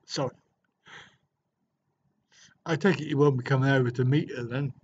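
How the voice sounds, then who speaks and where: A middle-aged man hosts a livestream from a hotel room, casually chatting and joking as he answers viewer comments. His mid-range voice is steady and a little mellow, at normal speed. The lo-fi livestream audio is dull, with a little hiss or hum.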